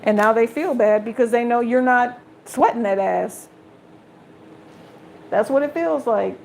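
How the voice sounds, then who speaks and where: A fairly high-voiced woman talks her way through a casual tarot reading, frank and chatty, and she curses without much care. Faint noise sits under the recording. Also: a little slow, gravelly, darkish tone. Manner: candid and blunt, swears freely; chatty, talks straight to viewers. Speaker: tarot reader.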